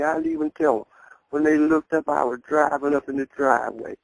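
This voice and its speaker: A woman's voice: sits low, very animated, moderate pace, vocal fry, dry recording, rough recording. An older grandmother telling her story in a blunt, candid way and chuckling as she talks. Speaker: interviewee. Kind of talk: casual storytelling.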